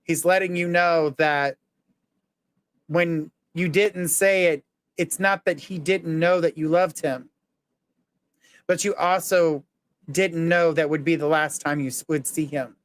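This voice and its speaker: Male psychic medium, slightly high voice, smooth and clear, live reading. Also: fairly even intonation, measured pace, long pauses, no echo. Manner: earnest, reassuring, relays messages in the first person.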